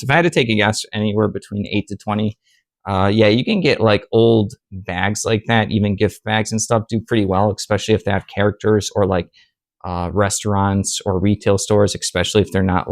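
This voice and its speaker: A man's voice: lowish voice, fairly even intonation, fairly quick, no room sound. A young man, the host of a reseller channel, chatting casually about his sales in a rambling, easygoing way with lots of fillers. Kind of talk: casual chat reviewing sales.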